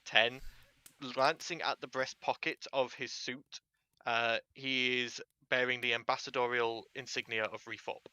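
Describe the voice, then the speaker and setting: A man's voice: medium pitch, flat delivery, a little slow, pushed and bright, smooth. A man narrating as game master of a tabletop game, descriptive and chatty. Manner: descriptive, uses fillers.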